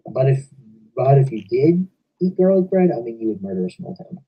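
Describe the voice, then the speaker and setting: A man's voice: mid-range voice, sing-song, fairly quick, husky, distant mic, highs cut off. A young man hosting a stream, chatting casually and rambling about video games. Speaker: stream host. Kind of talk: casual chat. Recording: voice from away from the mic.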